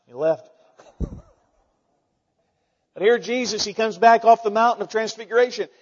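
A man preaching a sermon as pastor, folksy and animated, asking his listeners rhetorical questions. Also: high voice, normal speed, big-room sound, dull audio.

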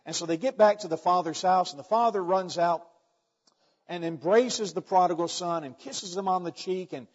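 A man's voice: high voice, normal speed. A male preacher giving a folksy storytelling sermon, often restarting phrases. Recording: dull, echoey hall recording.

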